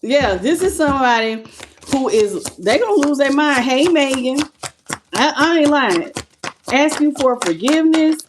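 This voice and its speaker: A woman reading tarot cards live on her channel, greeting viewers by name and calling them baby with animated excitement. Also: high-pitched, normal speed, background noise. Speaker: tarot reader.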